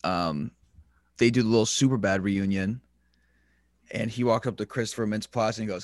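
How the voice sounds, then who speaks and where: A young man chatting casually, relaxed and laughing as he retells scenes. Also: fairly low pitch, moderate pace, pauses often, no echo. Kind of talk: casual chat.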